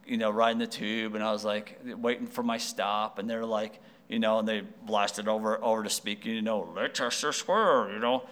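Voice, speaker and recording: A man's voice: fairly low pitch, a bit bright, clear, resonant tone. A young man from Missouri preaching, telling a rambling personal story full of fillers and restarts. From Missouri, United States. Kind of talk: sermon storytelling.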